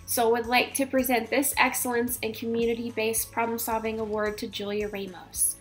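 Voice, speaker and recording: Teacher lady reading out awards, calm and formal, bit high voice. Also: moderate pace, faint music behind. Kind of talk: read award presentation.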